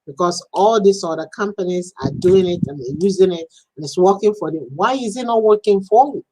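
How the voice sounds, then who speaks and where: A woman's voice: fairly low pitch, a little fast, slightly rough, low-quality recording. Chatty woman coaching on a live stream. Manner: chatty and animated, laughs often, acts out little quoted scenes. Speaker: business and social media coach.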